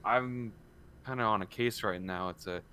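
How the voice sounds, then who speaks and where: A man's voice: lowish voice, normal speed, sharp tone, clear, resonant tone. A man taking part as a player in a tabletop game, giving hesitant, stammering replies.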